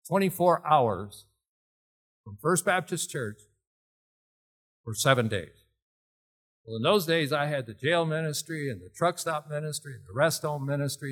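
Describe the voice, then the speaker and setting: A man's voice: fairly high pitch, husky. A middle-aged man preaching a storytelling sermon in a folksy way, quizzing his congregation as he goes. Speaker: pastor.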